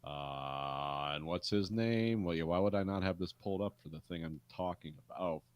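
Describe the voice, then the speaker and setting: Low-voiced, wry male podcaster. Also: clear, resonant tone, dry recording. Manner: dry, wry remarks, quick quips. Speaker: podcast co-host. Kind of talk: casual film podcast chat.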